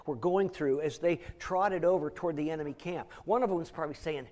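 A man's voice: a little high, a little fast, darkish tone. A middle-aged man preaching a sermon, telling a story vividly with frequent word repeats. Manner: vivid storytelling, repeats words, acts out voices.

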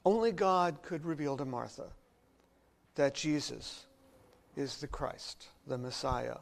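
A man with a high voice delivers a sermon. He preaches expressively and lets his volume rise to emphatic peaks, then drop to near-hushed passages. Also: slow, creaky. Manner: expressive preaching with wide swings in loudness. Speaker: pastor.

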